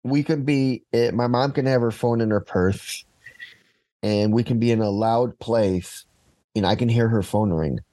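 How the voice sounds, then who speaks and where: Low mellow guy, chatty storyteller, dry sound. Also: a little slow, no room sound. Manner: storytelling, quoting others. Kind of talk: casual conversation.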